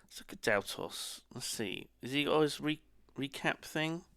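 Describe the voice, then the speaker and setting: A man's voice: medium pitch, animated, a little slow, sharp tone, no room sound. A man chatting casually on a live stream, rambling and muttering to himself as he browses.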